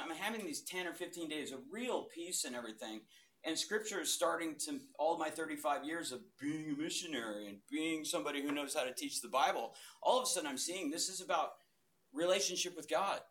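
A man in his fifties giving a testimony to a live audience in a church hall, telling his story with loud bursts and hushed asides. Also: fairly high pitch.

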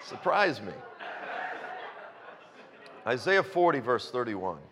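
A man's voice: fairly high pitch, expressive, moderate pace, fairly bright tone. A man preaching a sermon, conversational at first and building to passionate emphasis. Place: church. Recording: long reverb in a church hall.

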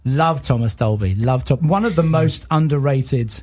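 Husky-voiced English man telling stories. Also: mid-range voice, moderate pace, a little mellow. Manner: enthusiastic, rambling, self-deprecating fan. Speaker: guest composer. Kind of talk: casual podcast chat, storytelling.

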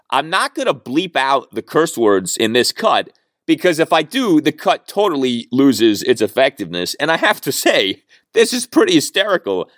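A man hosting a sports podcast, telling a story in an animated, amused way. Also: a little high, dry recording, studio quality. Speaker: podcast host. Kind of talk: casual sports chat.

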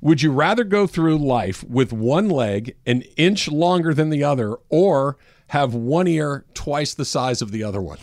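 A man's voice: fairly high pitch, animated, unhurried, no room sound, studio quality. Laughing man co-hosting a radio show. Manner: laughs often, reads listener questions aloud. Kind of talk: casual sports radio banter. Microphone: studio microphone with headphones.

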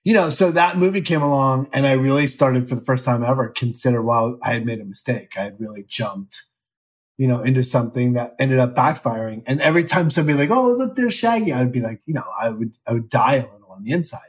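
A man's voice: mid-range voice, fast talker. Male, 50s, guest actor; loose, rambling, self-mocking podcast chat. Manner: candid, rambling, self-deprecating. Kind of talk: casual interview chat.

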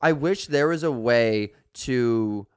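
A man's voice: medium pitch, takes it slowly, clear, resonant tone. Chatty man rambling with fillers. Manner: animated, rambling, filler-heavy, says bro. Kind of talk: casual chat.

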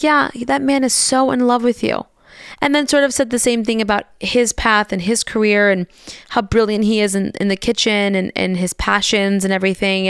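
A woman in her thirties casually telling her followers a story, chatty and animated, swearing now and then and quoting the people in it. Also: medium pitch, clean tone, no echo, clean studio sound. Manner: chatty, animated retelling with swearing and quoted voices.

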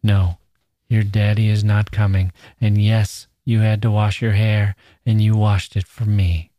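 A man's voice: fairly low pitch, flat delivery, unhurried, mellow, no echo, studio quality, close to an everyday voice. A man reading aloud voices a menacing young man who talks in an insistent, slangy, wheedling way. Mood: coaxing. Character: menacing young man, smooth-talking predator.

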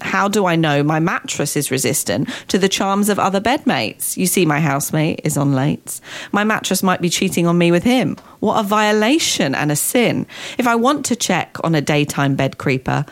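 Female radio host, playful and theatrical, animated delivery. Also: fairly low pitch. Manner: playful, theatrical, quick to laugh. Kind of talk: casual radio chat.

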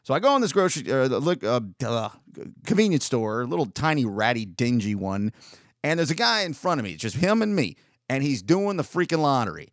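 Male podcast host, mid-pitched, rambling self-correcting delivery, dry close mic. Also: very animated, brisk, dry recording. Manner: rambling, self-correcting, profane when retelling. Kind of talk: casual storytelling monologue.

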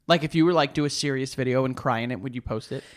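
A man's voice: mid-range voice, fast talker. A young man co-hosting a podcast, rambling animatedly with lots of swearing. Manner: animated, rambling, profane storytelling. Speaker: podcast co-host. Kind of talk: casual chat.

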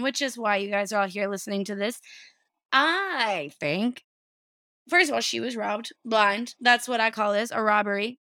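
Bright, animated woman podcast host. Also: fairly high pitch, no echo. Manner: animated, swearing, sarcastic asides. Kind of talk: casual chat, reading a news story.

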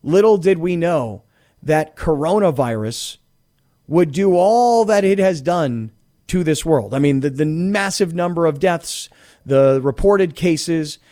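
A middle-aged man with a rather high voice holds forth on a sports radio show. He talks in a lively, rambling stream, now and then slipping into other people's voices to act out what they say. He speaks into a studio microphone. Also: takes it slowly. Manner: animated, rambling, acts out quoted voices. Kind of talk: sports talk radio monologue.

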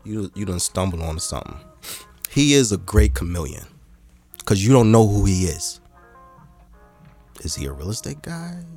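A deep-voiced man riffs in loose, slangy podcast banter, his pitch rising and falling a lot. Faint music plays behind him. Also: normal speed, long pauses, breathy edge. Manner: slangy, animated, mocks others in a high squeaky voice. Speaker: podcast host. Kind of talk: casual podcast chat.

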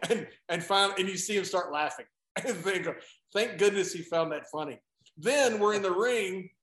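High-voiced man laughing through anecdotes. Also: moderate pace, echoey room. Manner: animated, laughing storyteller acting out quotes. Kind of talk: casual storytelling chat.

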